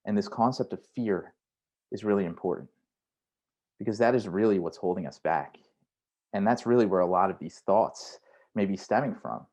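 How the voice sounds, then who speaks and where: Lowish-voiced male career coach. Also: moderate pace, pauses often, a little mellow. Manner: conversational, frequent "right?" tags; acts out inner voices in quotes. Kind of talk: online workshop talk.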